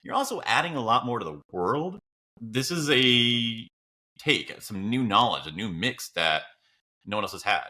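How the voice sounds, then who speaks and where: A man co-hosting a podcast in casual chat, animated and quick to act out his own thoughts, with casual swearing and laughter. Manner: animated, jumps up in pitch when acting out his own thoughts. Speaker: podcast co-host.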